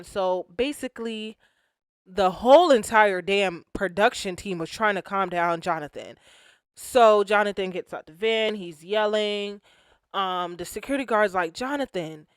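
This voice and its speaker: A woman recaps a reality show in loose, slangy talk and acts out the quotes with plenty of energy. Her voice sits at a middle pitch, and the room around her is dry and close. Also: a little slow, smooth, dry recording. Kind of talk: casual recap commentary.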